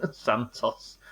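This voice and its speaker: A young British man streaming a game live, chatting casually, laughing often and swearing freely. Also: sharp tone. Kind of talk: casual live gameplay chat.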